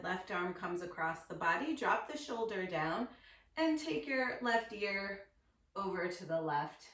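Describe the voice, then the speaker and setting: A woman teaching a yoga class, calmly and slowly cueing poses and breaths. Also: medium pitch, distant mic. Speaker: yoga instructor. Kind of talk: guided yoga class instruction. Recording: echoey room, voice set back from the mic.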